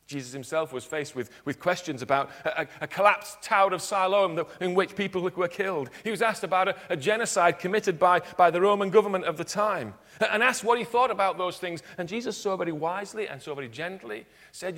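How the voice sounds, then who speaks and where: A man preaching a sermon in church, earnest, dropping to quiet emphatic points. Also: sits high, a little fast, few pauses. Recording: long hall reverb.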